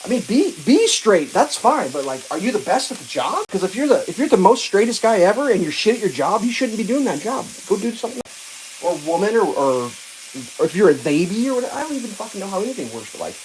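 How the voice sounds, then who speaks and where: A woman's voice: medium pitch, sing-song, fast, a little mellow, slight background noise, poor audio. A woman hosting a livestream, ranting casually with profanity, many restarts and exasperated asides. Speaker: livestream host.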